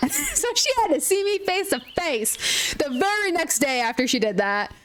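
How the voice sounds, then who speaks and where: A young woman with a high voice chats casually while she plays, telling an animated story. She acts out the other people in her story. Faint noise sits behind her voice. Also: measured pace. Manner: animated storytelling, frequent restarts and quoted dialogue. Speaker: gaming streamer. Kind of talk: casual chat while gaming.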